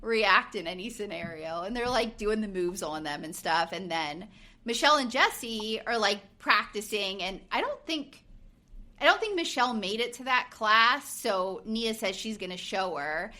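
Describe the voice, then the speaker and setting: A woman's voice: medium pitch, moderate pace. A woman in her forties on a podcast, casually recapping a reality show and acting out what people said. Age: 40s. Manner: animated retelling, acting out quotes, frequent fillers. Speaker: podcast co-host.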